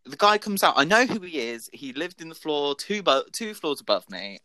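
A young man spins a dramatic story full of swearing on a casual podcast. His pitch swings widely, and his voice has a bright edge. It sounds dry and close to the mic. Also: sing-song, moderate pace, no echo. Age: young adult. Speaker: podcast co-host. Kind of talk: casual chat.

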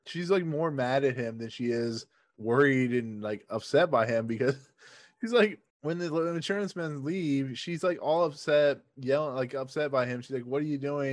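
A man's voice: mid-range voice, dry recording. Guy cohosting a podcast, easygoing, acts out the scenes, dry close mic. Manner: laid-back, retells scenes with quoted voices. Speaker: podcast co-host. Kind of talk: casual chat.

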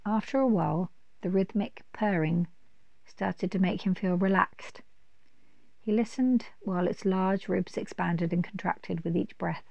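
A woman reading a children's storybook aloud at a steady, unhurried pace. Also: lowish voice, vocal fry, dry recording. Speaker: narrator. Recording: dull dry recording.

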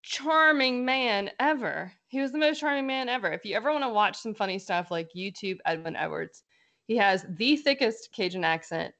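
A woman's voice: medium pitch, brisk. A woman from South Louisiana with a slight Southern twang, chatting as a podcast guest and telling stories. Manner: chatty, animated storyteller. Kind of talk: casual podcast chat.

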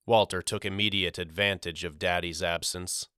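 A man narrating an audiobook in a measured, deliberate storytelling manner. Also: low voice, steady tone, sharp tone, clean tone, dry recording, studio quality. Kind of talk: scripted narration.

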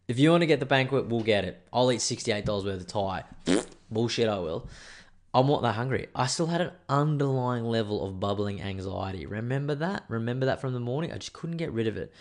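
Profane Australian man telling stories. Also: on the low side. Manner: profane, rambling, self-mocking. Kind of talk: casual storytelling monologue.

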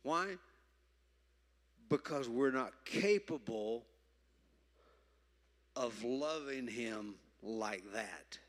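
A man preaching a sermon, emphatic, moving from loud stresses to quiet asides. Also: mid-range voice, lively intonation, extremely slow, pauses often. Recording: reverberant hall.

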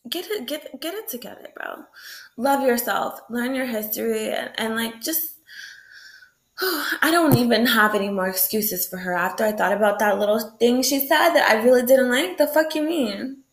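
A woman's voice: a little high, animated, normal speed. Fired-up woman ranting late at night. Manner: heated, profane, with frequent laughs. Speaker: vlogger. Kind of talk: late-night rant to camera.

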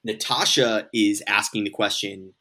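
A man co-hosting a podcast, his voice bright and forward. He talks in loose casual chat, rambles, swears often and acts out the lines he quotes. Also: fairly low pitch, fairly even intonation, a little slow. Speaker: podcast co-host.

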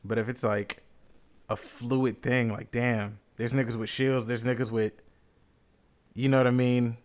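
A young man chatting casually and easily with a friend, in a relaxed, slangy way. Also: mid-range voice, measured pace. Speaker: friend in a podcast chat. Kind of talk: casual chat.

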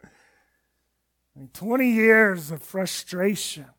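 Pastor type, high male voice, sermon delivery that acts out the scripture voices and fades at the ends of lines. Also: expressive, slow pace. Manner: retells scripture with dramatic voices, dropping to a quiet, low finish. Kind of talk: expository sermon.

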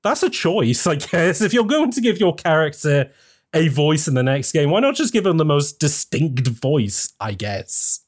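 A man hosting a casual podcast chat, rambling and animated, with lots of fillers and restarts. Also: on the high side, moderate pace. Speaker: podcast host.

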